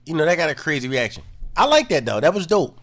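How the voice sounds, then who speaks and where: Man commentating casually, relaxed low-key talk, lots of fillers, animated pitch. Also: fast.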